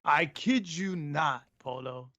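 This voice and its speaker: An excitable man from Southern California co-hosting a laid-back podcast. His voice sits a little high, and he laughs often and cuts in over his partner. The audio sounds dull and lo-fi. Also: slow pace. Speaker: podcast co-host. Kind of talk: casual chat.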